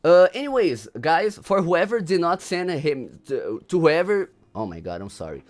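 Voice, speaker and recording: Animated young Brazilian streamer. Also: male voice, on the high side, normal speed. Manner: laughs often, slangy, repeats himself. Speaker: livestream host. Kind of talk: casual livestream commentary.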